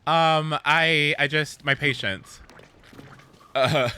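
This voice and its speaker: A man chatting casually while streaming a game, rambling and animated, with swearing and sudden whoops. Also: on the high side, very slow, clean tone. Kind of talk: casual gameplay chat.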